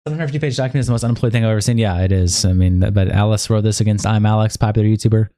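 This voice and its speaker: Fast-talking low-voiced male streamer. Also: warm tone, no room sound, studio quality. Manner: blunt, profane and exasperated. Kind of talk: live-stream commentary reading chat logs aloud.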